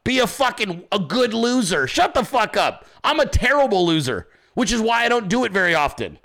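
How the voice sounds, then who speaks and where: A man's voice: high voice, very animated, normal speed, a bit bright. A man hosting his own show from a home desk, ranting in profane, combative, mocking commentary. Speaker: podcast host.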